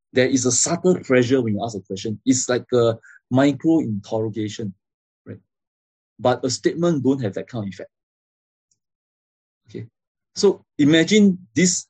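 A man's voice: mid-range voice, mellow, slightly rough, no echo. A man giving a classroom lecture, explaining step by step and often checking in with "okay?" and "right?".

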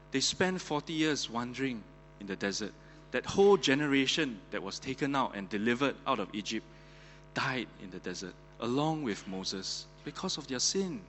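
A man's voice: on the low side, a bit bright, in a large hall, a little hiss or hum. A male pastor, preaching in an earnest, conversational way with many fillers. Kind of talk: sermon.

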